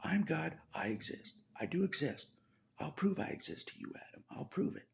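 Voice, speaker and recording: A man's voice: fairly high pitch, big pitch swings, moderate pace, creaky, slight background noise, pitched above the performer's own voice. A man voicing God, who insists over and over that he be acknowledged. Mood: insistent. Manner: repetitive, emphatic declarations.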